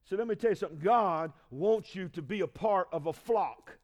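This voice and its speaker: A male pastor with a very high voice delivers a sermon full of call-and-response. He swings from shouted peaks to hushed, low asides, pressing the congregation for answers. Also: normal speed.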